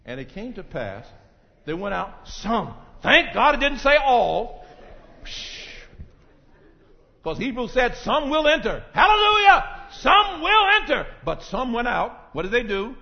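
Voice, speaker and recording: Male pastor, high-pitched voice, preaching with wild swings from hush to shouts; dull, echoing church recording. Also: big pitch swings, unhurried, vocal fry. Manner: preaching, swings from low murmurs to shouted climaxes, calls on congregants by name. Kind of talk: sermon. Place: church sanctuary.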